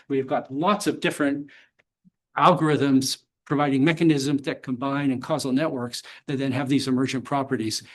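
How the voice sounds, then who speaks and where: A man giving a university lecture and answering audience questions, measured and academic with occasional blunt dry humor. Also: medium pitch. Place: lecture hall.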